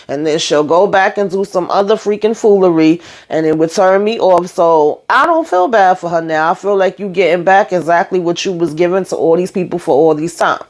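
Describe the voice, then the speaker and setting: A woman giving a casual, blunt and expressive recap of a TV episode, often speaking directly to her viewers. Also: on the low side. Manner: sassy, blunt and expressive, with frequent asides to viewers. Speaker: TV recap vlogger.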